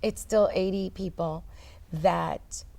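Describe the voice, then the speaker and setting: A woman's voice: on the low side, steady tone, slow, creaky, warm tone. A woman speaking as a nurse educator in a panel discussion, enthusiastic and affirming, with many agreeing interjections.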